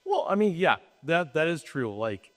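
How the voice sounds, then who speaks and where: Guy cohosting a trucking panel, kinda high voice, jokey and sarcastic, big hall echo. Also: sing-song. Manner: quick, joking, sarcastic asides. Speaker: podcast co-host. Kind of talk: casual panel talk. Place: hall at a trade show. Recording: long hall reverb.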